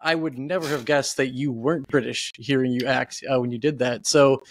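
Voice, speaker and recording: A man's voice: mid-range voice, steady tone, slight background noise. A man hosting a casual interview, asking long questions broken up with "like" and "uh". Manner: halting, filler-heavy questions. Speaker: interview host.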